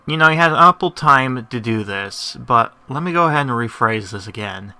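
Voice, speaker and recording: Laughing, rambling man with bright voice. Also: mid-range voice, animated, moderate pace, few pauses, no echo. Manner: rambling, laughing, lots of fillers and restarts. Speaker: gaming youtuber. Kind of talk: gameplay commentary.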